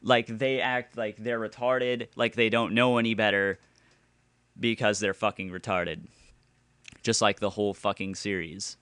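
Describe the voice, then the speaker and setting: A man rants in exasperation and swears freely, and his voice keeps jumping into loud bursts. His tone is smooth and clean, and the sound is close and dry, with no room echo. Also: lowish voice, steady tone, a little slow. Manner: exasperated, with sudden loud outbursts. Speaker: gaming video ranter. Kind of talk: profane angry rant.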